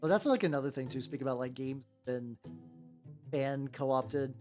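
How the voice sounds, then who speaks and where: Her voice is a rumbling low tone, slightly mellow, delivered at a moderate pace. A woman in her thirties, she paints miniatures and chats loosely, drifting between ideas with a steady stream of "like." Faint music sits in the background.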